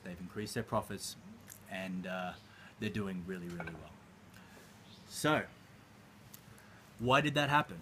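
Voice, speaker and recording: A man's voice: sits low, unhurried, long pauses, a bit bright, slight background noise. A man coaching, telling a story and speaking directly to listeners in an emphatic way. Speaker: life coach. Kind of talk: motivational coaching talk.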